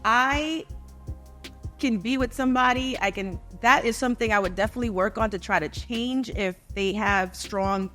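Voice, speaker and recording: A woman's voice: on the high side, normal speed, sharp tone, faint music behind. Blunt, assertive woman podcast host. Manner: assertive, blunt, profane storytelling. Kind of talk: casual chat.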